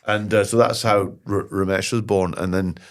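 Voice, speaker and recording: A middle-aged Scottish man, a podcast guest, telling lively anecdotes and jokes in casual conversation. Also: fairly low pitch, moderate pace. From Scotland. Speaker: podcast guest, comedy writer and actor. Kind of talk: casual interview chat.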